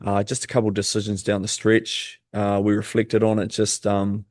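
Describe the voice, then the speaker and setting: A man, talking easily as a basketball guest on a podcast, with many "um" pauses. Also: on the low side, monotone, a little mellow, no room sound, clean studio sound. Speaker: basketball player and coach, guest. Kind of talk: casual podcast interview.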